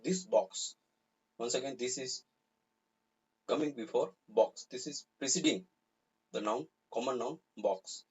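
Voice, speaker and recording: A man teaching a grammar lesson live, explaining slowly and repeating example sentences. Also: mid-range voice, husky. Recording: slightly dull, lo-fi recording.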